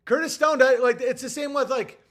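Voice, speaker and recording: Man, comedian, high voice, heated sarcastic rant, blunt. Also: steady tone, moderate pace, fairly bright tone. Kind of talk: ranting monologue.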